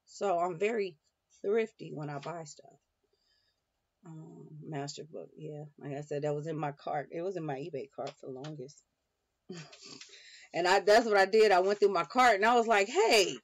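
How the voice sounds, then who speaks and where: A woman's voice: on the low side, no echo. A woman chatting casually to viewers about homeschooling, rambling with many fillers and restarts. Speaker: homeschooling mom vlogger. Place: home schoolroom. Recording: dull lo-fi dry sound.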